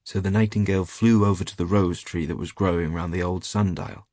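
A man narrating a fairy tale at a measured, gentle pace. His voice is very low and husky, recorded close and dry with no room sound. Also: steady tone, no room sound. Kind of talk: storybook reading.

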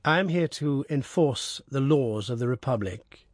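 A man voicing a scheming revolutionary prosecutor in a storybook reading, speaking in a measured, formal, oratorical way. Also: medium pitch, lively intonation, no room sound, studio quality. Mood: solemn.

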